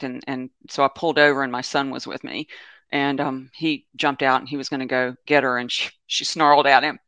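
A man's voice: mid-range voice, bright, forceful tone, smooth, dry recording. A man presenting an informal webinar talk about animals, telling stories in a meandering way that often corrects itself and leans on fillers. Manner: meandering, self-correcting storytelling with many fillers.

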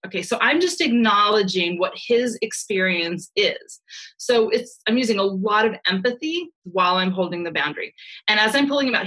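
A woman's voice: medium pitch, sharp tone, husky, poor audio. A middle-aged woman, a parenting expert guest on a podcast, explaining earnestly and laughing lightly now and then.

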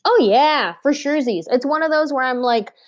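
A woman in casual conversation about faith, telling stories with lively acted-out quotes. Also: high-pitched, moderate pace, dry recording, clean studio sound. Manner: animated storyteller, acts out quotes. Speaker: podcast guest.

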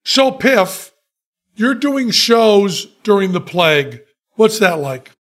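A man hosting a casual podcast, animated and quick to jump in and interrupt his guest. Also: sits high. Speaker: podcast host.

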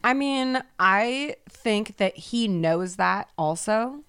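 A woman co-hosting a casual podcast, chatty and quick to react, speaking into a podcast mic. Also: mid-range voice, lively intonation, fairly bright tone, smooth. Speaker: podcast co-host. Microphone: podcast microphone.

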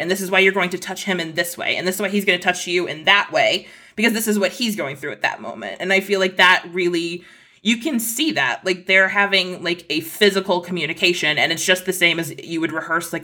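A woman's voice: fairly low pitch, pushed and bright. A young adult woman, an entertainment journalist guest, chatting casually and rambling with many "like" fillers. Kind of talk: casual podcast chat.

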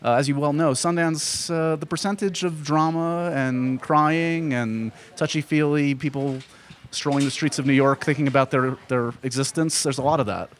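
A man's voice: a little high, steady tone, moderate pace. A man interviewing a guest in casual chat, with dry, teasing, self-deprecating humor.

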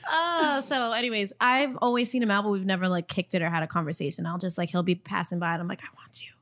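A woman guest telling a casual story in an animated way, with lots of "like" fillers. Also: mid-range voice, fast talker.

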